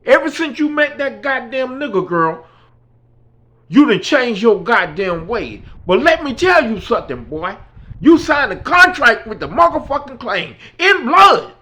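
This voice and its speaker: A man voicing a menacing gang leader who shouts threats and swears heavily while telling a story. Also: very high-pitched, very animated, a little slow, pitched above the performer's own voice, heavily acted. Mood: threatening.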